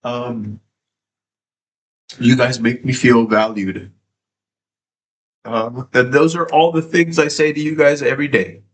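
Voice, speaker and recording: A man's voice: medium pitch, fairly even intonation, slow, pauses often, husky. Tearful male streamer, emotional and repetitive. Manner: emotional, swearing, repeats himself. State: tearful, sniffling. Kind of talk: casual live stream chat.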